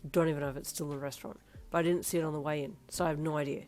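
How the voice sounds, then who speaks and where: A woman's voice: fairly low pitch, normal speed, a little mellow. A woman voicing a stressed young father who snaps with clipped irritation at the people around him. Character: stressed young dad, gruff and short-tempered.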